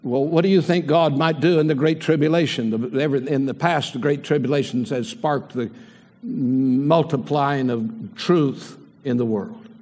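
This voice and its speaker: Older guy preaching, keeps asking the congregation questions, middle pitch, long echo off a big church room. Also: measured pace, darkish tone. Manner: asks the congregation rhetorical questions. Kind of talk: sermon. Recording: long hall reverb.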